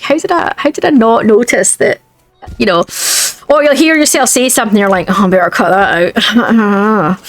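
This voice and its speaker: Rambling Scottish woman gamer. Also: medium pitch. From Scotland. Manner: rambling, chatty. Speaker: gaming video creator. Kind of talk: casual chat while playing a game.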